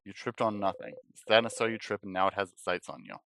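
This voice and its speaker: A man hosting a let's play, reading game narration quietly and adding muttered asides of his own. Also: on the low side, fairly even intonation, quick pace, slight background noise.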